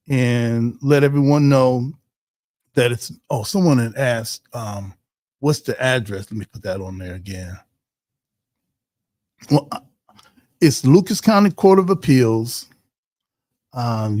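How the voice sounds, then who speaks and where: A man's voice: mid-range voice, a little mellow, dry recording, studio quality. A man hosting a community livestream in a casual, joking way, reading out viewer comments with lots of fillers and restarts. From Ohio.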